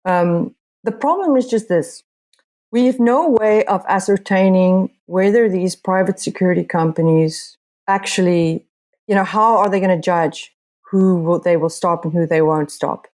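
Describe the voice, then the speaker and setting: A woman's voice: lowish voice, unhurried, a little mellow. A woman journalist from Africa, answering earnestly with many restarts. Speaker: journalist guest. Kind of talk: podcast interview.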